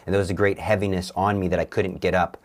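Young man, low voice, earnest testimony, halting delivery with frequent restarts. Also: flat delivery. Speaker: guest. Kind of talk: personal testimony.

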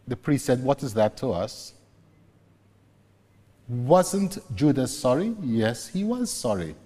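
A man preaching a sermon, slowly and deliberately retelling scripture scenes. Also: medium pitch, mellow. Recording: long reverb, echoey hall.

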